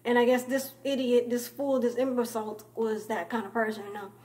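A woman's voice: on the high side, level tone, fairly quick, darkish tone. A young woman vlogger telling a story in a rambling, casual way, tossing in "you know" constantly and calling people names.

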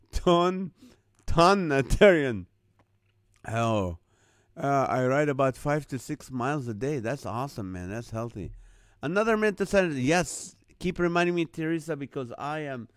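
Slow, chuckling male live-stream host. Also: a little high, clear, resonant tone, no room sound. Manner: chuckling often, playful wordplay. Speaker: host of a live comedy show. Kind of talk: casual live-stream chat reading viewer comments.

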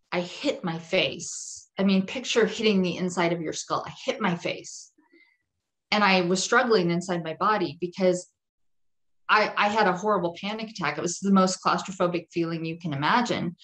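A woman's voice: lowish voice, fairly bright tone. A woman guest on a podcast, telling a personal testimony in an earnest, vivid way and repeating phrases for emphasis. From Jewish home.

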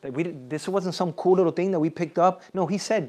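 A man's voice: high-pitched, brisk, warm tone. A man preaching a sermon as pastor, repeating phrases and calling for responses from the congregation. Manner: repetitive, emphatic.

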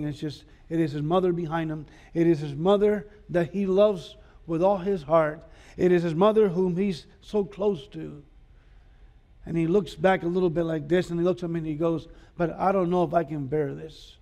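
A man's voice: on the high side, dark tone. A man preaching a sermon as pastor in a school chapel, speaking earnestly with frequent filler sounds.

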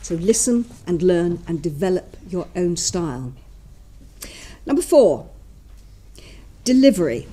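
A woman's voice: on the low side, sing-song, warm tone, breathy edge. Emphatic older woman lecturing. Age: 60s. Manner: emphatic and opinionated, slowing down to stress key points. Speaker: guest lecturer. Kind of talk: university lecture. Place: university lecture hall.

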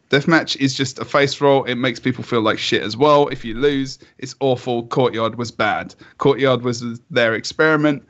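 A man co-hosting a casual gaming podcast, relaxed and opinionated with lots of fillers. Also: medium pitch. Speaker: podcast co-host. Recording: muffled lo-fi audio.

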